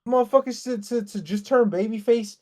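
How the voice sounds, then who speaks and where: A man co-hosting a casual podcast, ranting in a heated, profane, fast way. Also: very high voice, mellow. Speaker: podcast co-host. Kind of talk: casual wrestling podcast rant.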